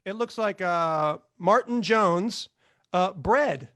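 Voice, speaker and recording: A man's voice: high-pitched, takes it slowly, fairly bright tone. A man hosting a live online comedy game show over a video call, laughing often and reading audience jokes aloud.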